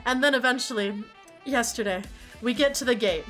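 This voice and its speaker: A woman's voice: a little high, normal speed, a bit bright, faint music behind. A woman streamer chatting casually and animatedly, laughing often and swearing freely.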